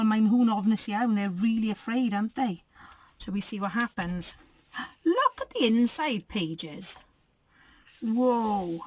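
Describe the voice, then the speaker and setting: A woman's voice: medium pitch, no room sound. A woman, a primary school teacher reading a picture book aloud and asking the children questions. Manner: warm, encouraging, asks children questions.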